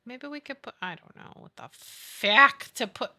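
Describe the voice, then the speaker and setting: Bright-voiced, chatty young woman streamer. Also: fairly high pitch, lively intonation, measured pace. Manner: chatty, giggly, swears casually, talks to chat and friends. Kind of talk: casual live-stream chat while gaming.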